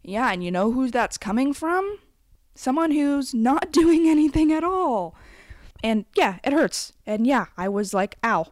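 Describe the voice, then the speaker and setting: A woman's voice: sits high, big pitch swings, a little slow, darkish tone, dry recording, clean studio sound. A woman in her twenties ranting bluntly with plenty of swearing, giving candid advice in a casual conversational way with frequent asides. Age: 20s. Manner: blunt, profane and emphatic. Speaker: vlogger. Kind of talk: candid advice rant to camera.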